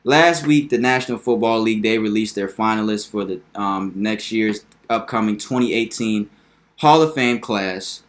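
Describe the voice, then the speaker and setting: A young man with a lowish voice hosts his own sports talk video. He is animated and hyped, and he repeats his points for emphasis in a casual, chatty delivery. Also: moderate pace.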